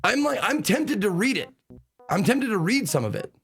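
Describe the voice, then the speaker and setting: A man streaming a game live, chatting excitably, swearing casually and reading the game's text aloud. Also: sits high, moderate pace, vocal fry, breathy edge, faint music behind. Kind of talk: live let's play commentary.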